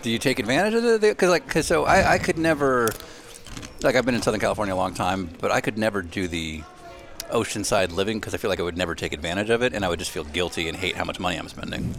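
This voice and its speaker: A man's voice: lowish voice, fast talker, a bit bright. A man hosting a podcast, joking loosely through chat and a sponsor read. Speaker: podcast host.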